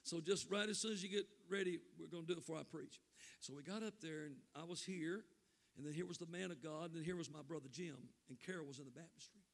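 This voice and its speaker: Older preacher with a gravelly high voice. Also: male voice, long reverb tail. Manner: fervent, voice catching with emotion, drawn-out phrases. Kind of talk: emotional revival sermon storytelling. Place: church sanctuary.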